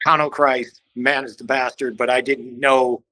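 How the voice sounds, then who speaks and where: Man with a bright, tense voice. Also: mid-range voice, moderate pace, dry recording, poor audio. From Cleveland, Ohio. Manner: animated, acts out quoted voices, swears casually. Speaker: podcast guest, band vocalist. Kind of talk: casual storytelling in conversation.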